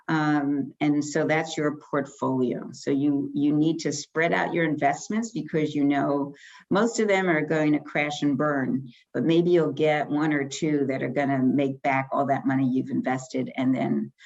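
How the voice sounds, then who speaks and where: Woman lecturer, low voice, chatty slide-by-slide explanation, dull lo-fi recording. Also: vocal fry, darkish tone. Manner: conversational, frequent ums and restarts.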